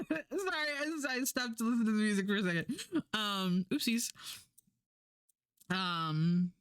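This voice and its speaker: A woman's voice: medium pitch, measured pace, fairly bright tone, clear, resonant tone, no room sound. A woman streamer chatting casually, rambling and swearing, acting out the lines she quotes. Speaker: Twitch streamer.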